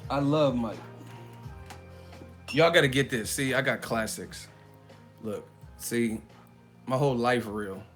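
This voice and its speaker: Animated, bright-voiced man hosting a boxing chat. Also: medium pitch, slow, long pauses, soft background music. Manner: animated, profane, laughs often. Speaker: boxing channel host. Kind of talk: live casual commentary.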